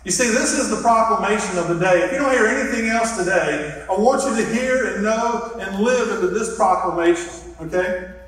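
A male pastor delivers a sermon in an earnest, reflective way, leading his listeners step by step. His voice sits fairly high for a man. It is picked up from well back in a large church hall, with a heavy, long-ringing echo. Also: moderate pace, fairly bright tone. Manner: earnest, reflective, leads the audience through a hand gesture exercise. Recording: echoey hall from far off.

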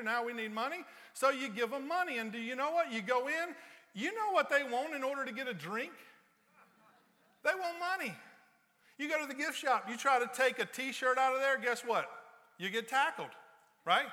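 Preaching in a church, a man tells everyday stories as a joking storyteller, drifting into playful sarcasm during his conversational sermon. His voice is high, bright and forceful, and the sanctuary gives it a long reverb.

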